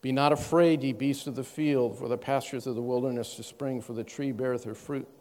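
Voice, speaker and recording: Male preacher, sermon, measured scripture reading, plain explaining, long hall reverb. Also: medium pitch, steady tone, mellow. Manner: reads scripture in a measured, stressing cadence, then explains plainly.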